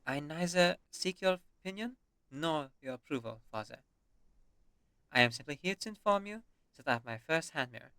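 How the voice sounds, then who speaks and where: Man voicing a defiant young noblewoman; clipped, cool, bright tone. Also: fairly high pitch, expressive, moderate pace, no echo, pitched above the performer's own voice.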